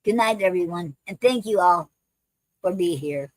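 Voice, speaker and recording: A woman's voice: lowish voice, lively intonation, normal speed, a little mellow, dry recording, rough recording. A woman hosting a poetry livestream, chatting casually with many ums and restarts and calling her viewers family. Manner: affectionate toward viewers, calls them fam.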